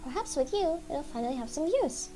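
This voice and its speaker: A woman's voice: high-pitched, animated, a little fast, dark tone, faint music behind, pitched above the performer's own voice. A woman voicing a small, fussy mouse who lost a sword, talking in a theatrical, pleading way. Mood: gracious. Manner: theatrical, pleading, self-pitying.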